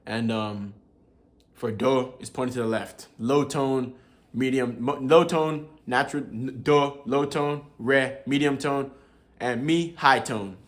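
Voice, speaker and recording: A man's voice: medium pitch, takes it slowly. A young man casually explaining tones to his viewers in a laid-back, chatty way, often chuckling and calling them bro. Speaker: language learner teaching viewers.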